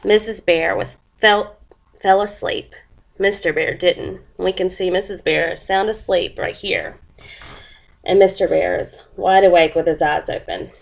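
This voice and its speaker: A woman, sniffly from a cold, presents a first-grade lesson plan and reads a picture book aloud slowly, with voices and sound effects. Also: lowish voice, fairly even intonation, gravelly.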